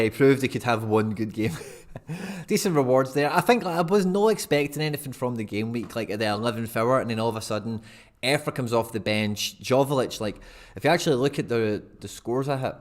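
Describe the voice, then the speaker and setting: A young man chats loosely on a live stream, wandering from thought to thought and chuckling at his own asides. His voice sits at an everyday middle pitch, easygoing and conversational. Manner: rambling, chatty, laughs at himself. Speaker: fantasy football streamer. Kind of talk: casual live-stream commentary.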